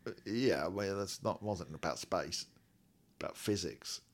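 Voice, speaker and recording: A man's voice: low voice, measured pace, gravelly. A man co-hosting a podcast, chatting casually with wry, self-mocking humour. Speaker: podcast co-host. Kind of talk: casual chat.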